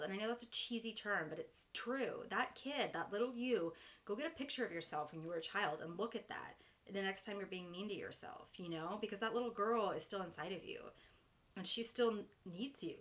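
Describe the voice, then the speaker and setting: A woman's voice: medium pitch, expressive, a little fast, a bit bright. Earnest woman coach talking to camera. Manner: earnest, encouraging, many fillers like "you know" and "like". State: emotional. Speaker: life coach. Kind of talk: heartfelt direct-to-camera talk.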